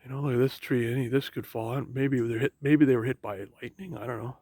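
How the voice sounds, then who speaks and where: A man from Canada talking as he walks outdoors along a marsh trail, musing in a halting way with many restarts. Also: medium pitch, steady tone, mellow, no echo. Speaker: vlogger. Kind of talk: rambling walk-and-talk vlog.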